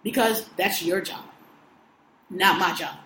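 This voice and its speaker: A woman's voice: fairly low pitch, slow, pushed and bright, slight background noise. A woman venting in casual chat, ranting emphatically and swearing a lot. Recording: echoey room.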